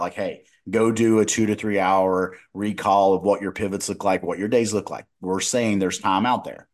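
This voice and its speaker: Low-voiced man telling a story. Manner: animated storytelling with many restarts. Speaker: podcast co-host, dietitian. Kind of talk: casual conversational chat.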